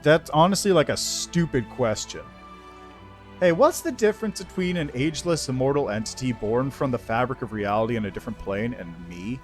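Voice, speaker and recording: A man's voice: medium pitch, lively intonation, a little fast, soft background music. A man streaming a game live, making joking, self-mocking asides between dialogue lines. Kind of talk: casual live-stream commentary.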